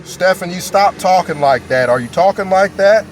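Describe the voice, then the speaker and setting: A man's voice: sits high, lively intonation, moderate pace, a little hiss or hum. A man voicing a nagging, scolding mother.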